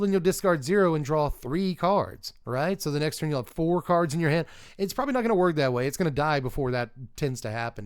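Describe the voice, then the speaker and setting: A man's voice: a little high, no room sound, studio quality. A man doing a casual live-stream review of game cards, chatting and thinking aloud with rambling asides and restarts.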